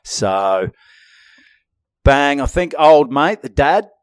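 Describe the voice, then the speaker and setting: A man's voice: a little high, drawn-out words, clear, resonant tone, no echo, clean studio sound. A man with an Australian accent, a comedian co-hosting a podcast and telling a gig story in casual chat, acting out what people said. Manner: animated, acts out quotes. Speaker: comedian co-host.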